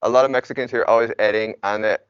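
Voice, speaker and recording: A man's voice: lowish voice, fairly even intonation, fast talker, clear, resonant tone, dry recording, dull audio. A young man, a native English speaker, teaching Spanish in a casual, chatty classroom lecture full of "like" and "y'all". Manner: chatty, informal, uses y'all and like.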